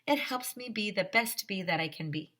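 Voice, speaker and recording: A woman voicing a relaxed, wise old queen bee who speaks gently and without hurry. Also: medium pitch, normal speed. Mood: contented.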